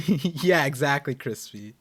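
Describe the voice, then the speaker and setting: A man hosting a live anime watch-party stream, reacting excitedly and chatting in a rambling way with his viewers. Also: on the high side, slow, breathy edge. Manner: excitable, rambling, talks to chat.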